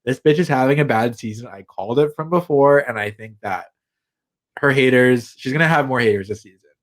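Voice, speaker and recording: A man's voice: medium pitch, brisk. Gossipy young man recapping reality TV. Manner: animated, gossipy, acts out quotes with swearing. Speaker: podcast co-host. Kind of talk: casual chat recapping reality TV.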